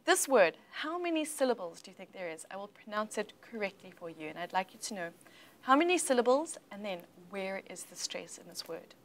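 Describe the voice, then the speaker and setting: A woman coaching English pronunciation in a livestream chat, playful and teacherly, modelling words slowly and repeating them. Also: medium pitch, big pitch swings.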